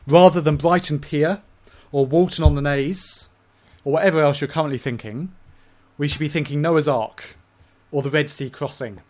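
An expressive man from England preaching a sermon to his congregation. His voice sits a little higher than most men's. He swings between loud, emphatic peaks and quiet, hushed asides. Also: moderate pace.

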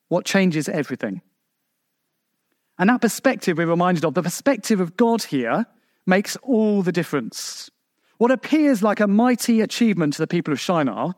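A man preaching a sermon, emphatic and full of rhetorical questions to his congregation, with sharp swings in pitch for emphasis. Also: no room sound, studio quality.

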